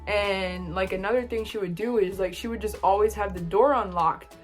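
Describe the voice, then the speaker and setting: A young woman talks straight to the camera in a relaxed, chatty storytime voice, her pitch sitting in an ordinary middle range. She jumps into livelier, higher bursts whenever she quotes someone. Faint music runs quietly behind her. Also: moderate pace. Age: young adult. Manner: animated, quoting others in lively bursts. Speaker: vlogger. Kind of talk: casual storytime.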